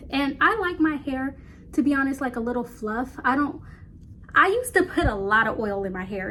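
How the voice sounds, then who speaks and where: Young female vlogger, fairly high voice, rambling and breathless, calls viewers y'all. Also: slight background noise. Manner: chatty, rambling, talks fast, addresses viewers as y'all. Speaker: hair care vlogger. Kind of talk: casual chat to camera.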